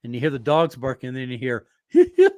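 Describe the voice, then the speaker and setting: A man hosting a casual interview, unhurried and chatty as he tells stories. His voice sits in a middling range and is recorded dry, close and with no room sound. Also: medium pitch, no room sound. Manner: relaxed storytelling, drawn-out fillers. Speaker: podcast host.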